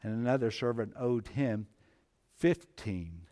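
A man preaching a sermon, moving between hushed, low passages and loud, emphatic climbs. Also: takes it slowly. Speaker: pastor.

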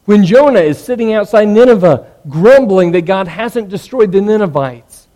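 A man preaching a sermon, earnest, swinging between loud emphatic lines and hushed ones. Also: high-pitched, lively intonation, normal speed.

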